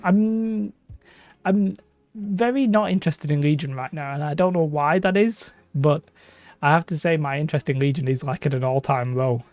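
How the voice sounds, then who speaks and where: A man's voice: a little high, moderate pace, a little mellow, no echo. A young man streaming live from his hobby room, chatting in a rambling, casual way and often breaking off mid-sentence. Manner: rambling, chatty, self-interrupting. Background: faint background music.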